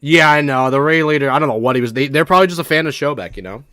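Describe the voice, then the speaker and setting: A man's voice: a little high, very fast, pushed and bright, no echo, clean studio sound. A man giving casual live-stream commentary to his chat, laughing hard and swearing as he reacts to a clip, at a desk microphone in his home setup. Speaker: livestreamer.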